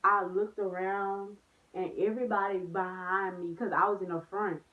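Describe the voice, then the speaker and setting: A woman's voice: mid-range voice, normal speed. A young woman chatting casually in a vlog, telling stories with lots of slang and "like"s. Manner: animated storytelling with slang and many "like"s. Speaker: vlogger. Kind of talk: storytime vlog, casual chat. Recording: phone-like narrow sound.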